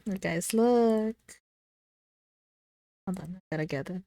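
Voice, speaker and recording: A woman's voice: lowish voice, takes it slowly, warm tone, no room sound. A woman streaming from her room, chatting casually with her chat, giggly and gushing, swearing lightly. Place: her own room at home.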